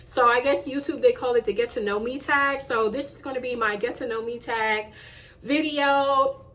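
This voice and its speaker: A woman vlogger talks straight to the camera in a casual, gushing way, piling up thanks and repeating herself. Her voice sits a little on the high side. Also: fairly even intonation, moderate pace, a bit bright. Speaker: YouTube channel host. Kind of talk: casual vlog chat to camera.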